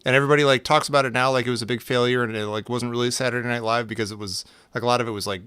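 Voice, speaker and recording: A man's voice: mid-range voice, steady tone, very fast, fairly bright tone, clear, resonant tone, no echo. A man co-hosting a podcast, talking casually and chattily, with many "like"s. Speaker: podcast co-host. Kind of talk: casual chat.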